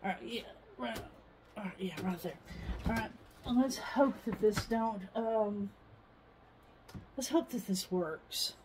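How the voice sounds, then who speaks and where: A woman's voice: mid-range voice, takes it slowly, long pauses, background noise. A woman chatting casually in a home vlog while working on a countertop, rambling and laughing as she tells stories. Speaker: vlogger. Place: mobile home, indoors.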